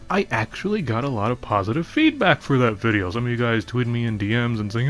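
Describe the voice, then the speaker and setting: A man's voice: medium pitch, animated, fairly quick, few pauses, soft background music. A man ranting casually to his viewers, rambling, laughing often and swearing freely. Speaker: vlogger. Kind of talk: casual rant to camera.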